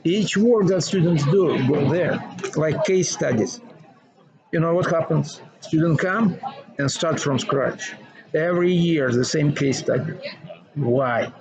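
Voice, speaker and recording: A man with a Russian accent, a former teacher talking casually, animated and laughing often, in broken English. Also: on the high side, slow. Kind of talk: casual conversation. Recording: dull sound with crowd noise.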